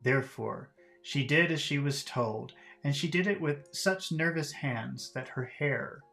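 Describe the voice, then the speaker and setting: A man's voice: on the high side, measured pace, vocal fry, fairly bright tone, faint music behind. A man teaching English by reading a classic novel aloud and patiently explaining its words in plain terms.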